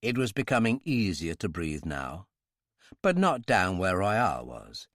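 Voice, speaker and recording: A man narrating a thriller audiobook in the first person, in a measured, dramatic manner. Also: deep voice, very animated, a bit bright, no room sound, studio quality.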